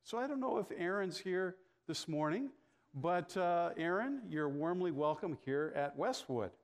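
Pastor with a slightly raised voice. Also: male voice, high-pitched, expressive, measured pace. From Canada. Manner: storytelling, frequent "uh" fillers, acts out dialogue. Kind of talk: conversational sermon with anecdotes.

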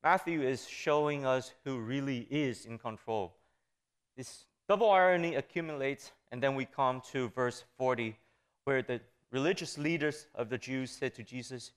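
Smooth-voiced man preaching on scripture. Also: moderate pace. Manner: reads verses aloud with emphatic rising pitch. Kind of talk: sermon on scripture.

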